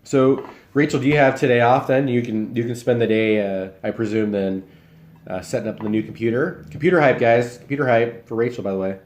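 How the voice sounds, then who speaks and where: With a medium-pitched voice and moderate pace, the young man from Iowa keeps up a laid-back, meandering chat with live stream viewers, replying to comments between bites of food.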